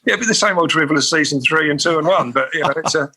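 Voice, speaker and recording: A man's voice: a little high, very fast, pushed and bright. A man co-hosting a podcast in casual chat, laughing often and restarting his sentences. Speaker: podcast co-host.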